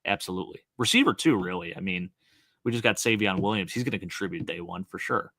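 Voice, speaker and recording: A man with a Buffalo accent gives eager, rapid football analysis as co-host of a casual talk show. His voice is fairly low but bright and forceful. It sounds dry and close, with no room echo. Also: creaky. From Western New York. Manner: enthusiastic, quick analytical talk with fillers. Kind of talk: casual sports chat.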